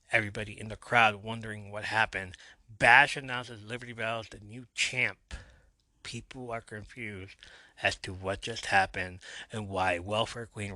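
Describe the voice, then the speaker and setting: A low, bright-toned man recaps a show episode for his podcast in a lively storytelling manner. He slips into light versions of the quoted lines as he goes. The sound is close and dry. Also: measured pace, no echo. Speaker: podcast host.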